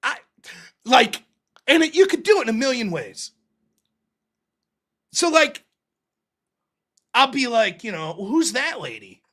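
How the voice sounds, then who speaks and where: A man's voice: very high voice, sing-song, takes it slowly, long pauses, sharp tone. A man hosting a livestream, talking casually in a rambling, profane, jokey way. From United States. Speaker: livestream host.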